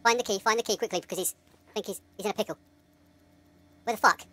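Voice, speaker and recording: A woman's voice: mid-range voice, quick pace. A woman commentating her own gameplay, swearing, laughing and talking to herself as she reacts to the game. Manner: excitable, swears a lot, talks to herself, yelps and laughs. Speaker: gamer playing a horror game.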